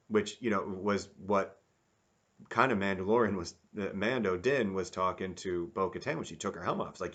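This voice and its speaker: A man giving a rambling, casual review, animated and acting out quotes in mock voices. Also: low voice, moderate pace. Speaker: YouTube reviewer.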